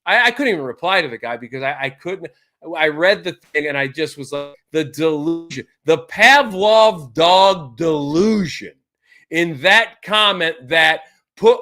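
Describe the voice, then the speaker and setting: A man hosting a live-streamed sports talk show, ranting with sarcasm and lively energy. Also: fairly high pitch, moderate pace. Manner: sarcastic, animated rants. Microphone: streaming setup mic.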